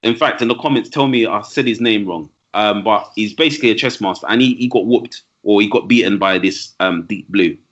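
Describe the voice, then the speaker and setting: A man's voice: fairly low pitch, a little fast, few pauses, a bit bright. A man talking as a podcast guest, a teacher and trainer who explains his points with lists and asides in casual conversation. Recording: dull lo-fi audio.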